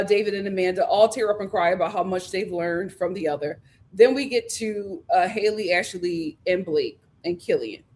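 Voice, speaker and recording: A woman hosting a casual recap vlog, telling the story in a lively way and acting out what people said, with filler ums. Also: mid-range voice. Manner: lively storytelling, acts out quotes. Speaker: host.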